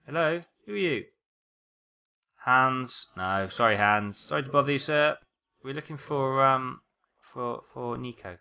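A man's voice: medium pitch, unhurried, creaky, clean tone, muffled recording. A man giving casual let's-play commentary, rambling as he talks to game characters and apologizes to them. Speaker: gameplay commentator.

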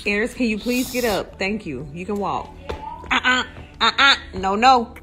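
A woman's voice: medium pitch, expressive, moderate pace. A woman filming her children at home, coaxing and teasing them in a playful, casual way. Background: music.

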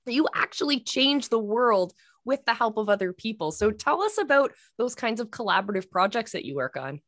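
A woman hosts an interview podcast with a lively, swooping pitch. She speaks encouragingly to her guest, and the sound is dry and close. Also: brisk, no room sound. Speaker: host, coach.

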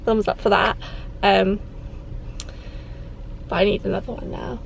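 A woman's voice: mid-range voice, flat delivery, a little slow, creaky, a little hiss or hum, low-quality recording. A young woman and mother chatting candidly to camera in a casual vlog, with rambling asides. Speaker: vlogger and mother.

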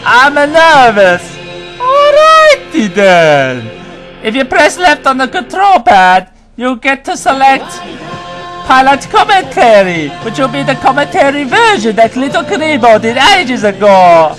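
A man putting on a nervous plumber brother, slow and hesitant. His lines drag out over loud music. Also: extremely high pitch, wildly swooping pitch, voice pushed down, full character voice. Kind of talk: fan comedy voice acting.

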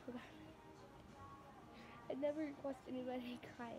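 High-voiced rambling female vlogger. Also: flat delivery, slow, music in the background. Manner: rambling, chatty, gushing and emotional. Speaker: vlogger reacting to videos. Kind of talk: casual reaction vlog. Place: at home in front of a TV. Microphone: phone camera.

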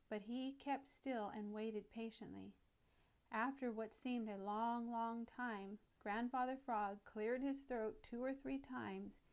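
A woman's voice: on the high side, darkish tone. Woman reading a storybook aloud. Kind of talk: storybook narration.

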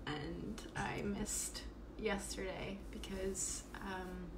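A woman's voice: medium pitch, steady tone, drawn-out words, noisy background. Tired lady talking into her phone at home, rambly, lots of um and like, echoey room. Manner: chatty, rambling, many fillers. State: exhausted. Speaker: podcast host doing a live stream. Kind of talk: casual live-stream monologue. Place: at home, indoors. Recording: roomy echo, faint background ambience.

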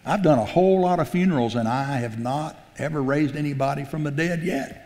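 Pastor preaching in a reverberant hall. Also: male voice, fairly high pitch, brisk. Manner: folksy, animated retelling with voiced quotes and repeated restarts. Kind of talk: sermon. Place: church sanctuary.

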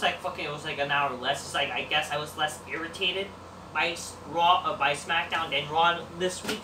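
A man giving a casual, rambling, profane review of a wrestling show, dismissive and full of fillers. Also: on the high side. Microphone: distant mic. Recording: roomy distant mic with background noise.

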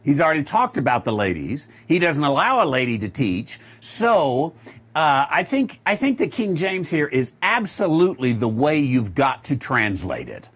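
A man teaching the Bible verse by verse, reading scripture aloud and explaining it, with many filler pauses. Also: a little high, wildly swooping pitch, a bit bright, breathy edge.

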